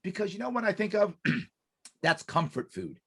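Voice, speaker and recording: A man with a somewhat high voice that swings widely as he talks. He is a podcast guest explaining a method with emphasis, circling back to repeat his main points. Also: normal speed, vocal fry, breathy edge. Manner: animated, acts out quoted dialogue. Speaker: podcast guest, business consultant.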